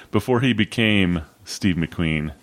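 Deep-voiced man musing hesitantly. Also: slow pace. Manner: hesitant, with many fillers and restarts. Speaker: podcast co-host. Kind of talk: casual film discussion.

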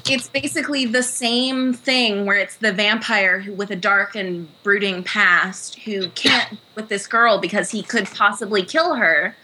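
A woman on a podcast panel, chatting in a wry, animated way. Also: mid-range voice, unhurried, few pauses, a little hiss or hum, low-quality recording. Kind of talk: casual chat.

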